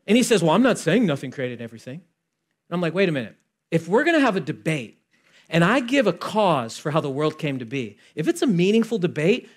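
A fairly high-voiced young man preaching a chatty sermon. He talks like he is telling stories to friends, acting out both sides of conversations. His voice swings from loud, punchy emphasis to quiet, hushed asides. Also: sing-song, quick pace. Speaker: pastor.

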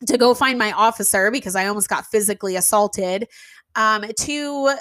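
A woman who runs an event venue tells a casual story, animated and emphatic, with fillers and the odd swear word. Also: mid-range voice, moderate pace, dry recording. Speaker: venue owner.

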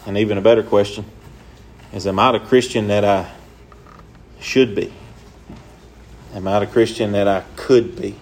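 A man's voice: on the low side, steady tone, moderate pace, pauses often. A young man preaching a sermon in an earnest, repetitive way, with folksy, casual grammar.

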